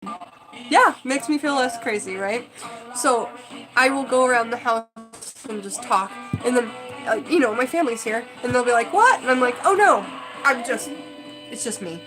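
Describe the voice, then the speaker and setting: A woman's voice: on the high side, normal speed, over music, rough recording. A woman chatting casually on a live stream, rambling with lots of fillers. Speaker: livestream host.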